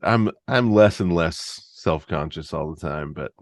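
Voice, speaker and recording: A man speaking as a podcast guest in casual conversation, halting and restarting often and laughing easily. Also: low voice, dry recording, clean studio sound.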